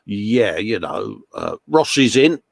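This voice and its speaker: A man's voice: fairly low pitch, big pitch swings, slow pace, gravelly, no echo, studio quality. A man hosting a casual live chat from his workshop, laughing often and reading out viewer comments. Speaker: host. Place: home workshop.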